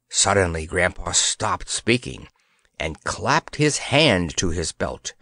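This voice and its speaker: Male storybook narrator; expressive, unhurried, animated delivery. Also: sits low, no echo, studio quality. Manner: expressive, measured. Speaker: audiobook narrator. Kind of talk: scripted audiobook narration.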